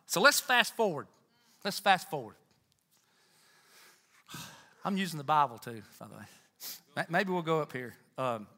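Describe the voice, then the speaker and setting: A man with a slightly high voice preaches a sermon in church, addressing the congregation with Southern turns of phrase. His delivery is animated and emphatic, rising to near-shouts.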